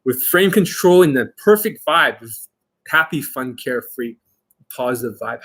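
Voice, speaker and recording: A man's voice: medium pitch, animated, normal speed, a bit bright, breathy edge. A man working as a dating coach, talking to the camera in a boastful way and swearing a lot. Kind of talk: profane talk to camera.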